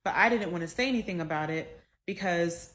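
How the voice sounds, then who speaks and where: Low-voiced woman telling a story. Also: a little fast. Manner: conversational, animated retelling with fillers. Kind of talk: casual storytime.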